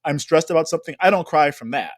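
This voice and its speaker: A man's voice: a little high, lively intonation, quick pace, no echo, clean studio sound. A young adult man, a podcast co-host chatting casually about a reality show, laughing often and acting out other people's voices.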